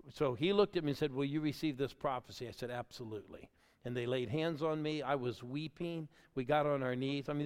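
A man's voice: a little high, darkish tone. Exuberant older man preaching in a big hall. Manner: exuberant, calls on the crowd to applaud. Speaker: church planting pastor. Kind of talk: energetic sermon storytelling. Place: large church auditorium. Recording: long hall reverb.

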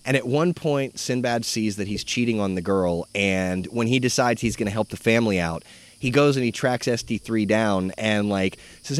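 A man's voice: lowish voice, normal speed, clear, resonant tone. A man co-hosting a casual chat, retelling a story loosely with lots of fillers. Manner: relaxed, rambling storytelling with many fillers. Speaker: podcast co-host.

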